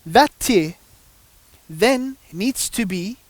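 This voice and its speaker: Speaking very slowly with lively intonation, a man with a high voice appears as a guest on a religious panel, recorded dry. He tells devotional stories emphatically, peppering them with rhetorical questions.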